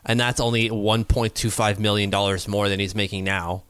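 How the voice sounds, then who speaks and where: A man chatting casually about sports, rambling and working through numbers out loud. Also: fairly low pitch, completely flat delivery, smooth, no echo. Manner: rambling, doing quick mental math aloud.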